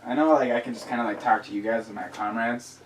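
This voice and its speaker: A man's voice: medium pitch, steady tone, quick pace, reverberant, slight background noise. A man chatting casually as a player in a tabletop game, thinking aloud and asking questions. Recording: distant mic, faint music.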